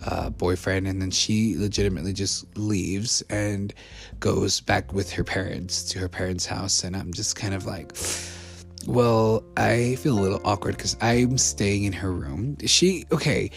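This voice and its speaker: A man's voice: low voice, measured pace, creaky, faint music behind. A young man from the States telling a travel story in a casual, rambling way, full of fillers, restarts and laughs. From United States.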